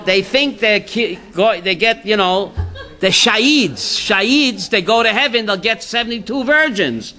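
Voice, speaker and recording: A rabbi with a high, bright voice gives an informal class. He jokes and tells stories and keeps checking in with the room by asking "right?". His punchlines are sometimes shouted. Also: lively intonation, a little slow, faint music behind.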